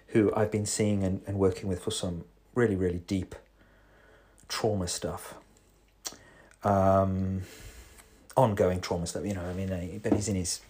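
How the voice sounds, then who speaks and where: A man, a psychotherapist, talking through a rambling, self-correcting monologue with sudden animated jumps in pitch. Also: husky. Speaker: psychotherapist podcast host. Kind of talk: reflective monologue.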